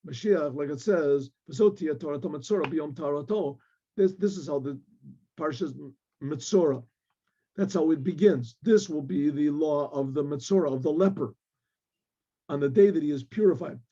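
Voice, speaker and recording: A male rabbi teaching a Torah class, quoting Hebrew verses and explaining them in English, often clearing his throat. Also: a little high, normal speed, mellow, muffled recording.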